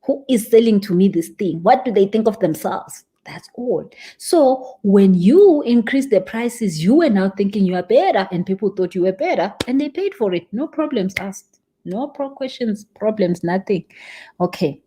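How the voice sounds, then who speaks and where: A young woman coaching a live-stream audience, animated and emphatic, stressing points by repeating words. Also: mid-range voice, normal speed. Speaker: spiritual business coach.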